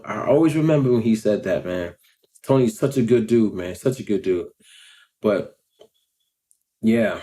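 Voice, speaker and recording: A man's voice: fairly low pitch, lively intonation, unhurried, pauses often, mellow. A man, telling slangy stories in a casual vlog and laughing often. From Long Island, New York. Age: 40s. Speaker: vlogger and rapper.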